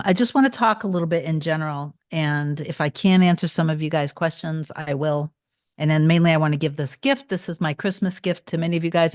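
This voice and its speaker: A woman's voice: low-pitched, dry recording, studio quality. A tired woman talking casually to viewers on a livestream, greeting them by name and repeating phrases. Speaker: manifestation coach hosting a livestream.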